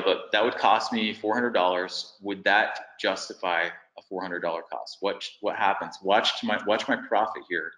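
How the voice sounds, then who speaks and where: Low, bright-toned man hosting a webinar, in a roomy echo. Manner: thinks aloud while working through figures on screen. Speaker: webinar presenter. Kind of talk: business webinar walkthrough.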